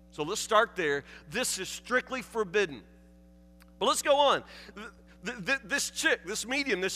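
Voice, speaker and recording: A man preaching a sermon, telling the story with animated, emphatic delivery and repeated phrases. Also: high voice, big-room sound. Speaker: pastor.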